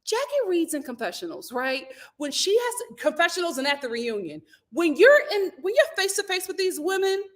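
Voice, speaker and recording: A woman's voice: extremely high pitch, very animated, moderate pace, few pauses. A woman hosting a casual reality TV recap, talking in a sassy, slangy, opinionated way. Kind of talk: casual live recap chat.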